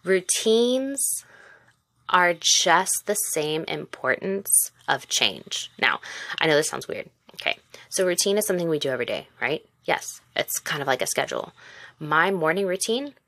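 A woman's voice: lowish voice, very animated, unhurried, pushed and bright, no echo. A woman in her twenties hosting a casual solo podcast, talking candidly and encouragingly straight to the listener. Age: 20s. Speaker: podcast host; mother and former teacher.

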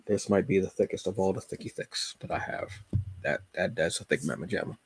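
A man's voice: low voice, brisk, breathy edge. A man hosting a podcast alone, talking about his reading list in a casual, joking, colloquial way. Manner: laid-back, joking, colloquial. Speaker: podcast host. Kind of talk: casual solo chat.

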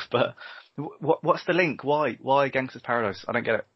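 A man's voice: mid-range voice, moderate pace, breathy edge, no room sound. A man co-hosting a casual podcast, sarcastic and sweary, often breaking into laughter. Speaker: podcast co-host. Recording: dull lo-fi dry recording.

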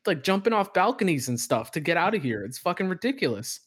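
Fast-swearing animated male storyteller. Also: high voice, breathy edge. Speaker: podcast co-host. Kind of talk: casual profane chat.

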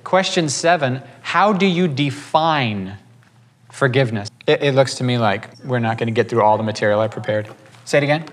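A man's voice: mid-range voice, normal speed. A man leading a church class, teaching and telling stories informally, rambling with restarts and acting out quotes.

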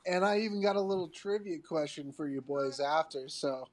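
A man's voice: a little high, normal speed. A man co-hosting a podcast in casual chat, presenting trivia with a playful buildup. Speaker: podcast co-host.

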